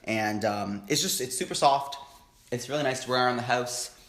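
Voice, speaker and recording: A young man hosting an eating show, chatting casually and excitedly between bites with lots of happy humming. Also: medium pitch, moderate pace, reverberant. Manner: chatty, excitable, frequent hums of enjoyment. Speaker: mukbang host. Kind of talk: casual chat while eating. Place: home, indoors.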